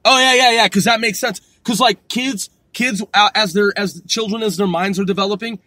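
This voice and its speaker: A man with an unusually high, bright voice delivers a heated, sarcastic podcast rant full of swearing. He speaks from his car, and the sound is dry and close. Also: normal speed, no echo. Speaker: podcast host. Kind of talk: profane ranting monologue.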